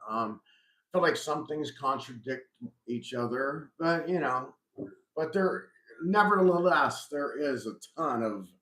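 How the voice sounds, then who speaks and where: A man's voice: mid-range voice, a bit bright. A middle-aged man hosting a casual live chat, reflective and rambling with frequent restarts. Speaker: host. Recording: roomy echo.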